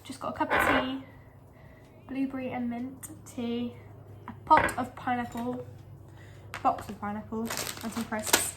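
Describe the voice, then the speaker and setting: A woman's voice: on the high side, fairly even intonation, measured pace, long pauses, heavy background noise. A young woman, a lifestyle blogger, chatting casually in her home kitchen with rambling, giggly asides and a slightly breathless delivery. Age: young adult. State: a bit out of breath.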